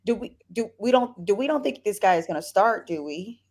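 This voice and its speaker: Lively woman guest, swinging pitch. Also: fairly quick. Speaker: podcast guest, sports reporter. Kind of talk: casual sports chat.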